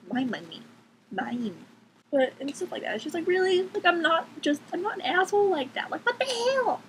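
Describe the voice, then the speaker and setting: A teenage girl vlogs from her bedroom at home, ranting casually to the camera in a high voice. She's sarcastic, swears freely, and fills her talk with "like," while cats make noise in the background of the rough recording.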